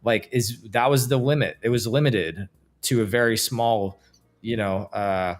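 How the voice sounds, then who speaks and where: Animated, emphatic man co-hosting. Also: on the low side, a little slow. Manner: animated, emphatic, swears casually. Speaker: podcast co-host. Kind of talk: casual chat.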